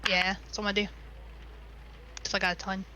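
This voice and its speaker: Bright, upbeat woman player. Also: medium pitch, completely flat delivery, fast talker, a little hiss or hum. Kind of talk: casual chat at a tabletop game.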